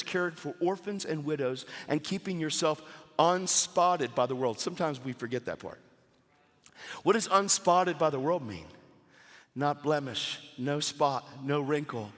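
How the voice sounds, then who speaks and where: A man preaching a sermon at a church service, animated and casual, with slangy asides to the crowd. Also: a little high, big-room sound.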